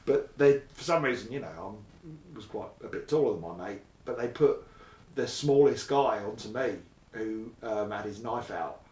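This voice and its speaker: A man's voice: lowish voice, lively intonation, moderate pace, darkish tone, recorded from a distance. A man co-hosting a podcast, telling a story in a casual, self-deprecating way with frequent laughs. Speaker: podcast co-host. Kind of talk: casual chat. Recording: echoey room.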